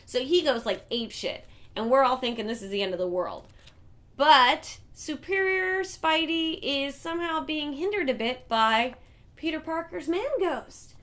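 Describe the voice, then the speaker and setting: A woman hosting a casual comic book review vlog, talking in an animated, chatty way and swearing freely. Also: sits high.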